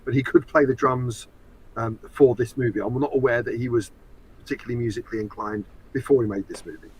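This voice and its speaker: A man's voice: mid-range voice, steady tone, quick pace, slightly rough, poor audio. A man from England co-hosting a casual podcast chat, teasing and explaining at length. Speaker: co-host and show expert.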